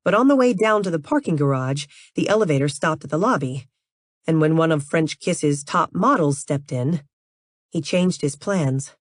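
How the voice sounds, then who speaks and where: Low-voiced woman reading an audiobook. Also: lively intonation, moderate pace, no room sound, studio quality. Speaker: audiobook narrator. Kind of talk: scripted audiobook narration.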